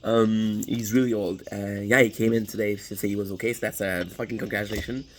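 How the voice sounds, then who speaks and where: A man's voice: fairly low pitch, steady tone, a little fast, rough recording. A young man talking to camera as he eats, telling a personal story in a rambling, profane way with many restarts. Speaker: vlogger. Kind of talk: casual storytelling while eating.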